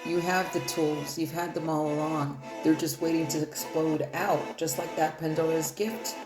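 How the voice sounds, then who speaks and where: This woman's tarot reading is loose and meandering, delivered in profane, everyday speech. Her low voice keeps a steady tone at a moderate pace, echoing in a room where loud music plays.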